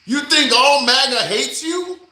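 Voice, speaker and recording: A man's voice: very high-pitched, lively intonation, unhurried, pushed and bright. A man hosting a provocative live interview, pushing back with challenging questions and reading out viewer comments. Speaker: livestream host. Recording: roomy echo.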